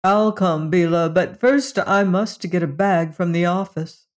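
A reader voicing a calm, courteous human space explorer in an audiobook story. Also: mid-range voice, a little slow, natural voice. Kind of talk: audiobook reading.

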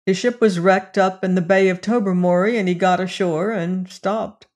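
An audiobook narrator voicing a calm, hesitant young male student in a storybook reading. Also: mid-range voice, normal speed, lightly acted.

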